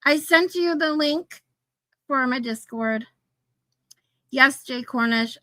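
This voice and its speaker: Hosting a casual livestream, a woman reads the chat and talks with her viewers, swearing offhandedly and laughing a lot. Her high-pitched voice is pushed and bright, and she speaks slowly with frequent pauses. The recording is dry.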